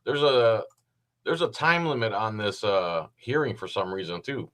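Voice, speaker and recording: A man with a bright, forward voice talks through a video in a loose, meandering way. He drops dry, sarcastic remarks as he goes, casual and unscripted. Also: lowish voice, lively intonation, moderate pace. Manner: rambling, sarcastic asides. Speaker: host.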